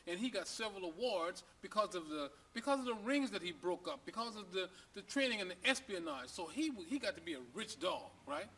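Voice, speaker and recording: Brief: folksy male joke-teller talking to camera, high bright voice, chatty with rhetorical questions. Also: lively intonation, a little fast, few pauses, breathy edge. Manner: folksy, conversational, asks the listener rhetorical questions. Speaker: storyteller.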